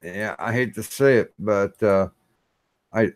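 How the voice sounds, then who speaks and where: A man hosting a podcast, talking casually and haltingly with frequent pauses. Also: lowish voice, clean tone, no room sound, studio quality. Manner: halting, many fillers and restarts. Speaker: podcast host.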